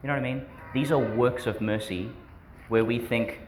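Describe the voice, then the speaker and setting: A man's voice: medium pitch, fairly even intonation, normal speed, slight background noise. A man, a priest giving a homily to schoolchildren in a chatty, questioning way that often breaks into laughs. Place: school church service.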